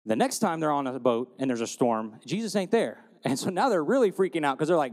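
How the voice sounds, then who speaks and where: A man preaching a sermon, telling stories and retelling scripture in a lively storytelling way. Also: a little high, brisk, hardly any pauses, in a large hall. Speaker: pastor.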